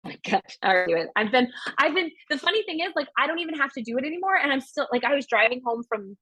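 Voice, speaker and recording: A woman's voice: sits high, animated, racing, a bit bright, dry recording, low-quality recording. A woman co-hosting a podcast in casual chat, talking in a chatty, self-reflective way and laughing easily. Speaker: podcast co-host.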